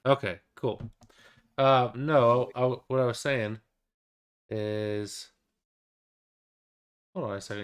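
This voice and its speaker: A man co-hosting a podcast, chatting in a relaxed, low-key drawl. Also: slow, long pauses, clean tone. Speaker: podcast co-host. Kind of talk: casual pre-show chat.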